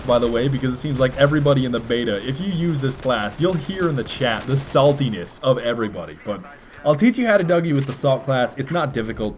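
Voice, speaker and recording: A man's voice: mid-range voice, a little mellow, a little hiss or hum. A young man giving jokey gameplay commentary for a video game, often breaking into silly voices. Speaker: gaming commentator.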